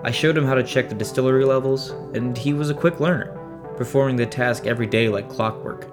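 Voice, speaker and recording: A man narrating a first-person story in a steady, measured way. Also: medium pitch. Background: faint music.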